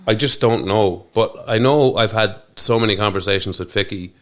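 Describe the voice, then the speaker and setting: In a reflective studio interview for a podcast, an Irish guest talks earnestly at a moderate pace. His voice is lowish with a fairly bright tone, and his thoughts frequently restart or trail away unfinished.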